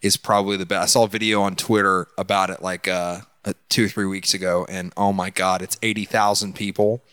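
A man's voice: deep voice, little pitch movement, a little fast, a bit bright, clear, resonant tone, no room sound, studio quality. A man co-hosting a casual sports podcast, laid-back and self-deprecating. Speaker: podcast co-host.

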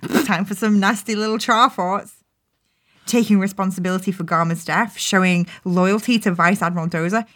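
A woman's voice: mid-range voice, fairly even intonation, normal speed, a bit bright. A woman co-hosting a podcast, recapping a show in casual chat, giggling often, swearing freely and acting out the characters' lines. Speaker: podcast co-host recapping episodes.

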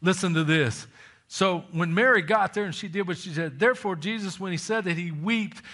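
A man preaching a sermon in a high, bright voice. He reads scripture aloud and drives it home with emphatic questions and calls for amens. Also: normal speed.

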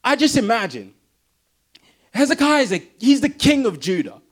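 A man's voice: very high-pitched, very animated, normal speed, breathy edge. A man preaching a sermon in an emphatic, repetitive way that builds intensity.

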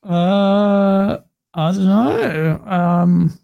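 A man's voice: high voice, very slow, vocal fry, dark tone, dry recording, clean studio sound. A tired man chatting casually as a podcast guest, self-deprecating and chatty.

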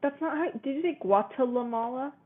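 A woman's voice: on the high side, normal speed. A woman co-hosting a casual quiz chat, reading questions aloud and laughing often. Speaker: co-host. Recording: tinny phone-like sound.

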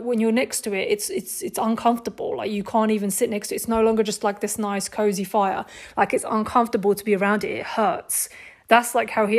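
A fairly high-voiced woman teaches scripture in a casual, conversational way. She sounds earnest and emphatic, throwing rhetorical questions at her listeners and filling her explanations with "like". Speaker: Bible teacher. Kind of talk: informal Bible teaching.

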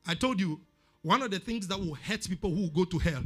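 High-voiced Ghanaian preacher. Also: male voice, a little fast, a bit bright, breathy edge, faint music behind. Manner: emphatic preaching, repeats words for stress. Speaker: pastor. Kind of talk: sermon.

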